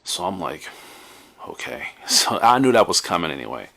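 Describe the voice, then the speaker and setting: A man's voice: sits low, very animated, moderate pace, gravelly, pushed and bright. A man hosting a podcast, telling a personal story in a rambling, conversational way full of restarts. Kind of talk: casual storytelling monologue.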